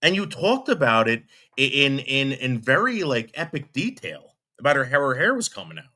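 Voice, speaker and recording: A man's voice: mid-range voice, very animated, normal speed, bright, forceful tone. A man giving blunt, scornful commentary on a clip and addressing its subject directly. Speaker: commentary streamer reacting to a clip. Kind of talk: reaction commentary.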